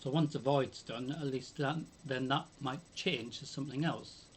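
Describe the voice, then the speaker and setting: A man's voice: mid-range voice, normal speed, slight background noise. A British man commentating his own game on a live stream, musing aloud with many hums and ums.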